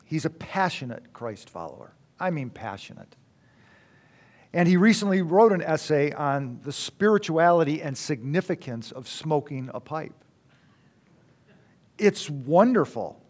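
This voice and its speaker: A man's voice: a little high, lively intonation, darkish tone. Reflective man telling a story. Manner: reflective, with halting restarts. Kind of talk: personal storytelling talk.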